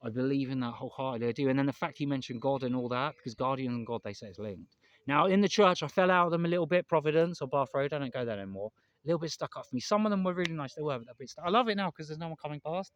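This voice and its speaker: A man's voice: medium pitch, racing, highs cut off. An English man vlogging outdoors in a park, rambling and emphatic, repeating himself and swearing now and then. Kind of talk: candid vlog monologue.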